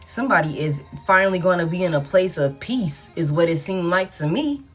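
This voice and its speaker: A woman's voice: fairly low pitch, expressive, brisk. A woman doing a casual tarot reading to camera, chatty and swearing freely as she talks straight to her viewers. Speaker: tarot reader. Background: faint background music.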